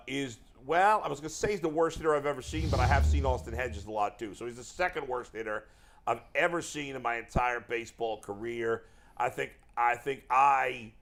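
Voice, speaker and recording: A man's voice: mid-range voice, lightly acted. A man doing an old baseball manager, fake Southern drawl. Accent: put-on Southern. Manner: rambling, self-interrupting confession.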